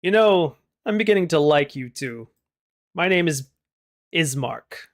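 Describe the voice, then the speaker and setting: A man voicing a polite, weary young village leader in a tabletop game, speaking in a formal, measured way. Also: fairly high pitch, expressive. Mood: wry. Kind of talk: tabletop role-play.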